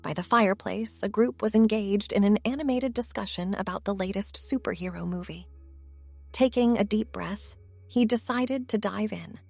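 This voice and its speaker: Calm woman narrating a story. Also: medium pitch, normal speed, creaky, no echo, soft background music. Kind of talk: scripted narration.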